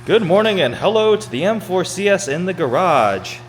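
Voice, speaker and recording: A man's voice: sits high, moderate pace, over music. A man reviewing a sports car in a casual vlog, chatty and enthusiastic. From Michigan, USA. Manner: enthusiastic, chatty, rising excited exclamations. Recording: noisy outdoor car recording.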